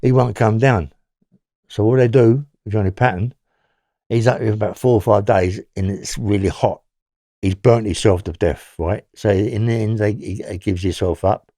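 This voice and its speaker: A man's voice: on the low side, normal speed, dark tone, no room sound, studio quality. Blunt London man with rambling storytelling. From England. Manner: rambling, blunt, swears freely. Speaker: interview guest. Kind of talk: recounting prison stories.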